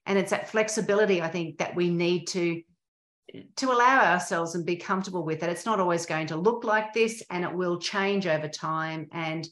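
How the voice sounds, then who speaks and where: A woman's voice: lowish voice, normal speed, a bit bright. A middle-aged woman hosting a podcast, speaking in a reflective, thoughtful way. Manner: reflective, thoughtful, some restarts. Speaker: podcast host. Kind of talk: interview conversation. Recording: echoey room.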